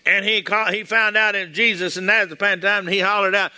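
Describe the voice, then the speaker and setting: A man's voice: high-pitched, fairly even intonation, brisk, hardly any pauses, sharp tone. An older man from Texas with a Texan accent, preaching a sermon as a pastor in a folksy storytelling way, acting out the quotes.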